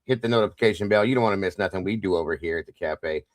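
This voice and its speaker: A man's voice: low-pitched, racing, no echo, studio quality. A man hosting a casual livestream, greeting viewers one by one by name with playful sing-song asides. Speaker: livestream host.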